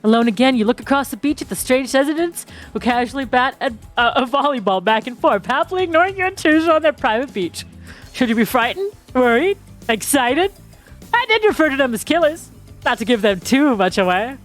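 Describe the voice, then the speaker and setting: Woman streamer reading out a dating game, jokey and giggly, kinda high voice. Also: expressive, brisk, soft background music. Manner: playful, laughs often, breaks off to joke. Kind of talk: reading game text aloud with casual commentary.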